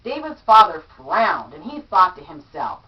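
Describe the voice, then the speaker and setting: Animated woman reading a children's story. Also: lowish voice, unhurried. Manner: animated, acts out character lines. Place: home room among her statues. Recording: distant, dull lo-fi mic.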